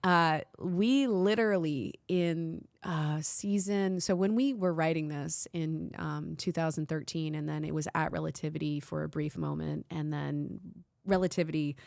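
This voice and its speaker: A woman host in casual chat, telling stories in an animated way and acting out quotes in voices. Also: deep voice, normal speed, creaky, dry recording. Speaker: interview host.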